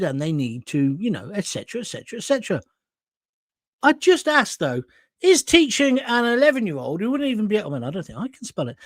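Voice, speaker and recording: A man's voice: high voice, no room sound, studio quality. An older man hosting a live opinion show, reading out viewer comments and ranting with indignation and sarcasm. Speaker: host.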